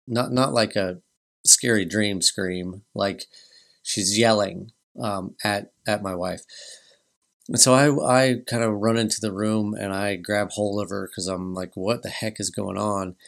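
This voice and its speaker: A man in his thirties hosting a podcast, telling a personal family story in a halting way with many restarts. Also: fairly low pitch, fairly bright tone. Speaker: podcast host.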